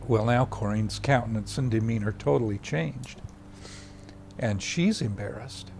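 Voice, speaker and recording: An older man tells a personal story in an interview with a mid-range voice. He is animated and acts out other people's lines, then drops to a hushed voice for the tender parts. He is recorded on a close mic, with a faint hum in the room behind him. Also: mid-range voice, slow pace, vocal fry.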